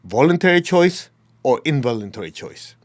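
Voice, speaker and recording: Male spiritual teacher, mid-pitched, blunt, emphatic delivery. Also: big pitch swings, moderate pace. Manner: blunt, emphatic, acts out quoted people. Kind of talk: dharma talk.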